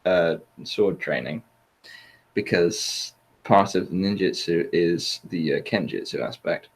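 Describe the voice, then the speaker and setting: A man's voice: sits low, takes it slowly, husky. A man hosting a casual chat, rambling with hesitant fillers and laughing often. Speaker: podcast host.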